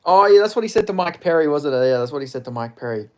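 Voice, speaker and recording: A man's voice: on the high side, animated, quick pace, hardly any pauses. A young man, chatting casually and crudely on a live stream, rambling with lots of fillers.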